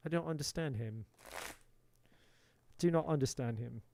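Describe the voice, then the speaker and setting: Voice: medium pitch, moderate pace, creaky, mellow. A tarot reader giving a live reading in a playful put-on British accent, swearing and exasperated in a theatrical way.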